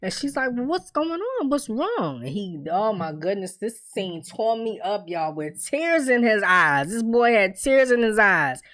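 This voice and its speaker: Lively, candid woman recapping a show. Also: mid-range voice, measured pace, few pauses. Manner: animated storytelling, acts out characters' lines; candid, swears freely. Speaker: TV recap reviewer. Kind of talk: casual recap commentary.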